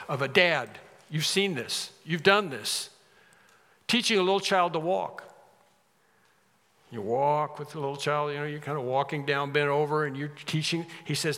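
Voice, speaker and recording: A man's voice: fairly high pitch, normal speed, bright, forceful tone, in a large hall. A man preaching a sermon, reading scripture aloud and explaining it in an earnest, conversational way. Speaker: pastor.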